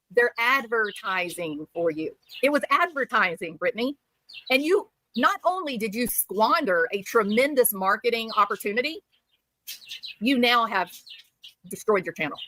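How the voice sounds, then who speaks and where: A woman's voice: on the high side, bright, forceful tone, no room sound, low-quality recording. Furious sarcastic woman streamer. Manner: sarcastic, mocking. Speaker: live stream host. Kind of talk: angry commentary live stream.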